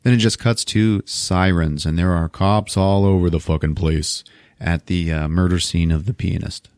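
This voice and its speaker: A man's voice: deep voice, moderate pace, smooth, no room sound, studio quality. A man hosting a podcast, casually retelling a movie plot with lots of swearing. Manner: animated, profane storytelling. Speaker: podcast host.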